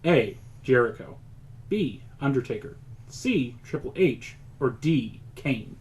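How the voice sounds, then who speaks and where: A man hosting a podcast trivia game, reading multiple-choice questions and answers deliberately. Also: medium pitch, lively intonation, rough recording. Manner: reads answer options deliberately, with chuckles. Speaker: quiz host.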